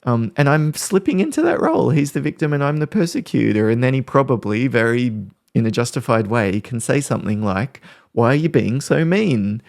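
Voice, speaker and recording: A man hosting a podcast, calmly explaining ways to handle conflict with examples from family life. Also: medium pitch, a little fast, vocal fry, no echo, studio quality. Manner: calm, explanatory, talks through examples. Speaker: podcast host. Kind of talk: podcast talk on parenting conflict.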